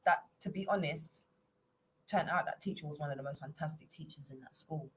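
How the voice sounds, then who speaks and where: A woman's voice: sits low, a little fast, low-quality recording. Chatty English woman guest, playful. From England. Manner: chatty, playful, slips into put-on accents. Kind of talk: casual chat.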